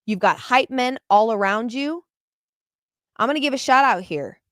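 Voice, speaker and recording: This postgame basketball podcast is led by a woman whose voice sits on the high side, moving at normal speed over clean, dry studio sound. Animated and openly emotional, she tends to say things twice when excitement takes over.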